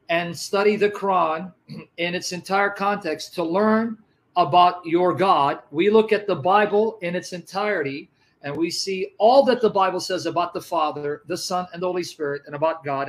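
A man's voice: high-pitched, fairly bright tone, poor audio. A man in a live religious debate, pressing his opponent with questions and reading scripture aloud. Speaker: Christian debater.

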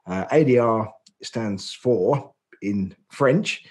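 A man's voice: on the low side, drawn-out words, darkish tone. Chatty English man explaining trade details. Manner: explains at length with frequent fillers and restarts. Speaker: podcast co-host. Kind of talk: casual informative chat.

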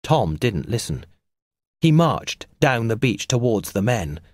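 Man narrating a storybook, lively pitch. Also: no room sound, studio quality. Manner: clear and measured for learners. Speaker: audiobook narrator.

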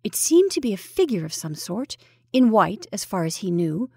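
Woman storyteller, ghost story reading, measured and even, medium pitch, dry close sound. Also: vocal fry, breathy edge, no room sound.

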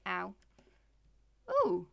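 A woman's voice: on the low side, wildly swooping pitch, extremely slow, vocal fry, noisy background. A woman giving playful, chatty gameplay commentary, talking to in-game animals and dropping into whispered asides. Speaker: Let's Play gamer.

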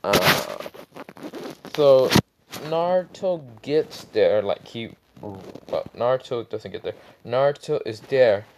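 A man's voice: mid-range voice, expressive, slow, background noise. A man casually retelling a fan story in a rambling, irreverent way, full of fillers.

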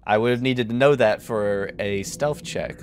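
A man narrating a tabletop role-playing game as game master, casual and quick to laugh. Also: mid-range voice, slight background noise.

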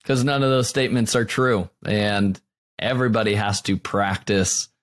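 A man's voice: lowish voice, moderate pace. A man hosting a podcast, talking casually and reflectively and often ending with "right?". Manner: reflective, frequent tag "right?". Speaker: podcast host. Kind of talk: casual interview chat.

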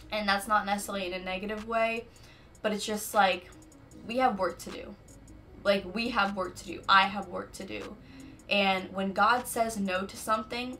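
Bright-voiced young woman chatting casually. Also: medium pitch, slight background noise. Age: young adult. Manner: chatty, frequent fillers like "you know what I'm saying". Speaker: podcast host. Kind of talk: casual faith-based monologue.

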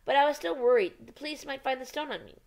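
A woman voicing a frightened male hotel thief, anxious and pleading, her voice pushed higher. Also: quick pace, a little mellow.

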